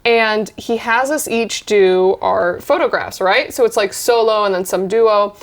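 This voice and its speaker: A woman co-hosting a casual chat from a hotel room, animated, acting out the people in her stories. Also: mid-range voice, unhurried. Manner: animated storyteller who acts out other people in exaggerated voices. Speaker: co-host.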